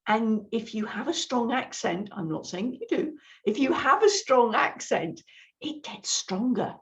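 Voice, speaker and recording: Gravelly-voiced woman coach. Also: on the high side, sing-song, unhurried, fairly bright tone. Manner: explanatory, with frequent restarts. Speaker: communication coach, guest. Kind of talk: conversational interview.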